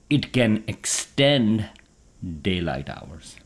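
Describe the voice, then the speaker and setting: A man's voice: on the low side, expressive, takes it slowly, a bit bright. A man from Pakistan, an astronomer guest, talking casually in a radio interview with many fillers and restarts. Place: home kitchen table.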